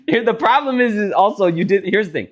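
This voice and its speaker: A young man co-hosting a podcast, telling a joke and chatting casually, animated and swearing casually. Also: sits high. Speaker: podcast co-host.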